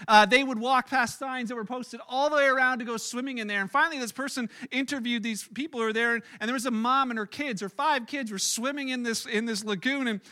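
A man's voice: very high voice, sharp tone. A man preaching a sermon as pastor, telling stories in a conversational way with frequent restarts. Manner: conversational storytelling with many restarts.

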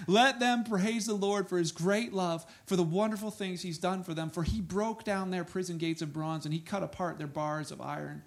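Lively man preaching a sermon. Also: sits high. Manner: lively preaching, swings between soft asides and loud exclamations. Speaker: pastor. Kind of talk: sermon with scripture reading.

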